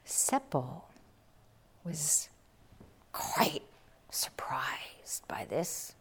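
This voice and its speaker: A woman Zen teacher giving a dharma talk, telling a story slowly and reflectively and acting out the quotes. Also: sits low, very animated, breathy edge, in a whisper.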